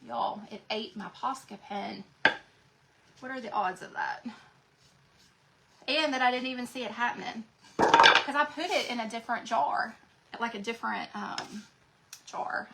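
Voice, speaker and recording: A woman with a fairly high voice talks viewers through a craft project on a livestream. She chats loosely and keeps calling her audience y'all. Steady noise sits under her voice. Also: vocal fry. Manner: chatty, addresses viewers as y'all. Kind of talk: casual craft demo livestream.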